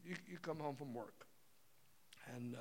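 A man's voice: mid-range voice, moderate pace, darkish tone, a little hiss or hum. A man in his sixties giving a folksy, rambling teaching talk, acting out everyday scenes with voices. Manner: rambling, acts out scenarios with voices. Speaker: seminar speaker.

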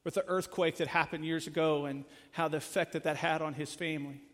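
Earnest pastor preaching in a reverberant hall. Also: male voice, on the high side, fairly even intonation, brisk. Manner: earnest, swelling then dropping to hushed. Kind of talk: sermon.

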